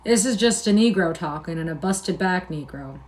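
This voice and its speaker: A woman's voice: lowish voice, animated, a little mellow, close to an everyday voice. A woman reading aloud and voicing a lonely, scornful older male stable hand with a drawling, persuasive manner. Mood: brooding, persuasive. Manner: drawling, persuasive, slow musing.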